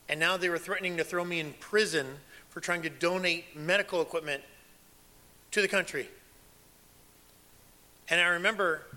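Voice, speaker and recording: A man preaching with a bright, forceful voice that sits a little high for a man. He tells his stories with emphasis, dropping to a hush and then pushing back up. The delivery is that of a pastor working a sermon. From United States. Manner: emphatic storytelling, dropping to a hush and rising loud. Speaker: pastor and former missionary.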